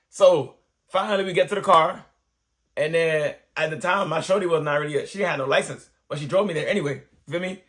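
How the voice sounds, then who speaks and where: A young man telling a comic storytime, animated and chatty, sprinkling in slang and bursting into shouted exclamations. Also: a little high, a little fast. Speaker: storyteller vlogger.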